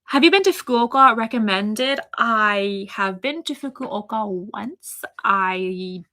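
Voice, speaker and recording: A woman's voice: mid-range voice, lively intonation, takes it slowly, pushed and bright. A young woman with a Toronto accent, chatting casually on a live stream, reading out her chat and rambling with lots of fillers and little giggles.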